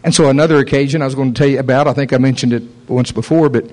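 A man's voice: mid-range voice, very fast. A man preaching a sermon and telling a story, acting out the voices of the people he quotes. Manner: animated, acts out quoted voices.

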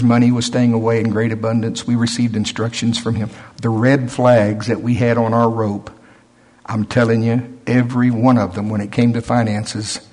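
A man's voice: medium pitch, slightly rough. An older man preaching a sermon, telling stories in a folksy way and acting out the voices of others.

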